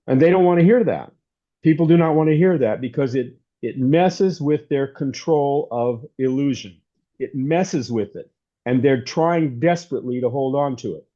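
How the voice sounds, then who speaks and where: A man's voice: on the high side, dark tone. A man giving an informal, rambling sermon as a pastor, telling stories in a conversational way. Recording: dull lo-fi recording.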